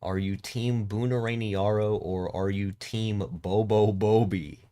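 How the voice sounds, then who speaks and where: A man's voice: on the low side, fairly even intonation, unhurried, dark tone, no echo. A man streaming a game, chatting casually, joking, swearing and laughing. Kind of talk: casual gaming stream chat.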